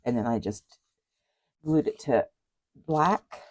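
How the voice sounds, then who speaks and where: A craft vlogger's extremely low, darkish voice is expressive and unhurried as she flips through a handmade journal. She rambles casually with asides and apologies, and the recording is rough.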